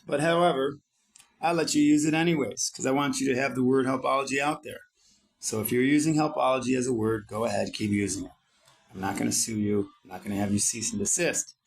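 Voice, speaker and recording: A man's voice: medium pitch, fairly even intonation, fast, gravelly. A middle-aged man from Italy, talking in a brash, combative monologue full of swearing while he edits his page. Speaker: founder and vlogger. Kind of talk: profane self-promoting monologue while editing a page.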